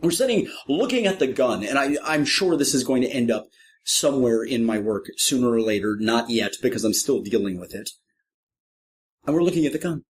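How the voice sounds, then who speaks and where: Middle-aged male clown, podcast guest, animated storyteller, mid-pitched voice, dry self-mocking wit. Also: brisk, slightly rough. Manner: lively, acts out quoted voices with big pitch jumps; self-deprecating, wry humor.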